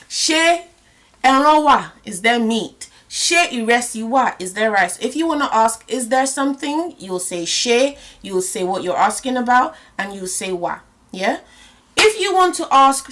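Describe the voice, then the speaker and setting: A young woman runs a relaxed language lesson, her voice a touch higher than most. She laughs easily and slows right down whenever she spells out an example phrase. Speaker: Yoruba language teacher. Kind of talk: casual spoken language lesson.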